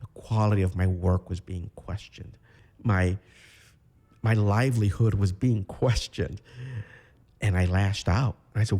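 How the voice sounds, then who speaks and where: A man from Chicago, a podcast guest, telling his own story in a candid, reflective way with halting restarts. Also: on the low side, darkish tone. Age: 30s. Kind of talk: personal storytelling interview.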